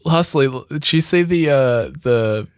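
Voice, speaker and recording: A man's voice: on the high side, animated, moderate pace, smooth, no room sound. Joking young man on a podcast. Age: young adult. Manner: chatty, joking, mimics others mockingly. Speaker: podcast co-host. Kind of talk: casual chat.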